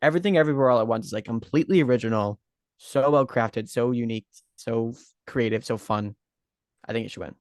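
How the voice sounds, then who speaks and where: Male podcast co-host, mid-pitched, dry sound, playful and keen. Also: fast talker, dry recording. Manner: enthusiastic, playful banter. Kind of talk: casual chat.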